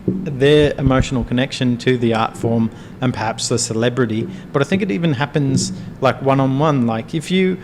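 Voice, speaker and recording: An Australian man talking through a point in a relaxed political discussion, thoughtful and measured, pausing on fillers as he works out his view. His voice sits at an ordinary middle pitch, with a faint hum of background noise behind him. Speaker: panel member of a political discussion show. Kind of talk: casual pub-style debate.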